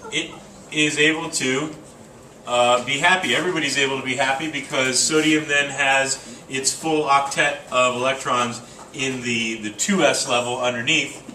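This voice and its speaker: A man's voice: medium pitch, steady tone, moderate pace, sharp tone, a little hiss or hum. A man teaching chemistry to a class, casual and joking, thinking aloud with fillers. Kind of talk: classroom lecture. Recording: roomy classroom from a distance.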